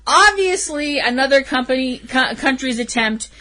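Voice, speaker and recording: A woman's voice: high-pitched, lively intonation, moderate pace, pushed and bright. Exasperated woman ranting about a movie. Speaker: podcast co-host. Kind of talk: casual movie review chat.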